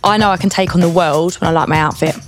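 A woman's voice: fairly low pitch, steady tone, fast talker, music in the background. A woman, a guest in a casual podcast interview, talking frankly and emphatically. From Essex, England. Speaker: guest, managing director.

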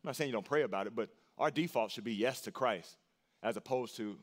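A man preaching a sermon as pastor, earnest and emphatic, repeating short phrases for weight and jumping up in pitch on key lines. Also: fast.

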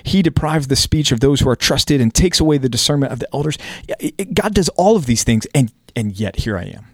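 An earnest man talking through scripture on a podcast, easygoing and conversational. His voice sits at an ordinary middle pitch and is recorded close and dry, with no room sound. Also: animated, brisk, dry recording. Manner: earnest, conversational, acts out quotes. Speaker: podcast host teaching scripture. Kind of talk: casual Bible study discussion.

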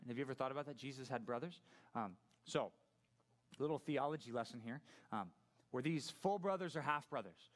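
A man's voice: medium pitch, expressive, fairly quick. A man preaching as a youth pastor in a casual, conversational way, often asking the listeners questions. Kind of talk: sermon to a youth audience.

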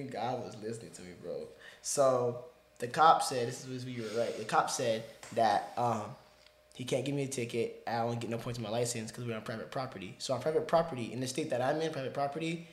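A man's voice: medium pitch, reverberant. A man hosting a podcast, telling a rambling story in casual slang-heavy chat. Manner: animated, rambling, peppered with slang like "bro". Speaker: podcast host.

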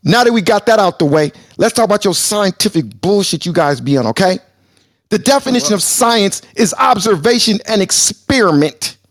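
A man co-hosting a live talk show, arguing loudly and combatively, then calming himself down on purpose. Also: high-pitched, moderate pace, dry recording, studio quality. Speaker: show co-host.

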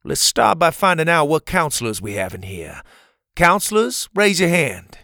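A man's voice: on the high side, very animated, moderate pace, creaky, pushed and bright, dry recording, clean studio sound, pitched above the performer's own voice, full character voice. A man voicing a stern, worried older camp leader who talks in an earnest, pleading way. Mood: concerned.

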